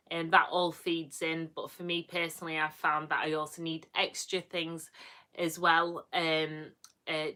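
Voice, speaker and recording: A woman from Yorkshire chats to her live viewers in a broad Yorkshire accent, bubbly and rambling with plenty of fillers. Her voice sits a little low yet rings bright and forceful, with a faintly gruff edge. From Yorkshire, England. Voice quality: a bit gruff. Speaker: vlogger livestreaming to viewers. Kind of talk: casual chat with live viewers.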